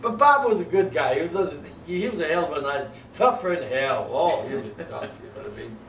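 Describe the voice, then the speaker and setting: A man's voice: a little high, animated, a little fast, fairly bright tone, a little hiss or hum. A man in his eighties telling old army stories in a rambling, folksy way, often chuckling and adding "you know what I mean.". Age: 80s. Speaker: World War II veteran. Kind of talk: oral history storytelling. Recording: roomy home recording from a distance, faint ambience.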